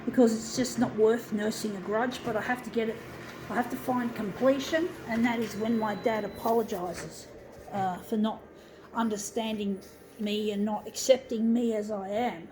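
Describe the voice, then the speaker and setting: A woman's voice: fairly high pitch, steady tone, moderate pace, background noise. A woman ranting angrily to her viewers as a vlogger, swearing heavily and calling them folks. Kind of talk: angry personal rant to viewers.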